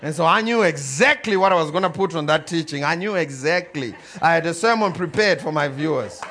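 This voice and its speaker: A man preaching a sermon as a story, animated and swinging between loud and quiet, chuckling as he goes. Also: on the high side, brisk. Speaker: pastor.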